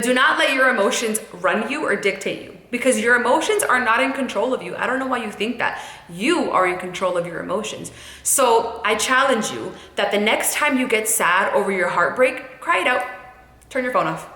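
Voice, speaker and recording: A woman's voice: mid-range voice, pushed and bright, roomy sound. A young woman talking straight to camera about getting over a breakup, candid and emphatic, often repeating lines for weight. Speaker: YouTuber giving breakup advice. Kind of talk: casual advice monologue to camera.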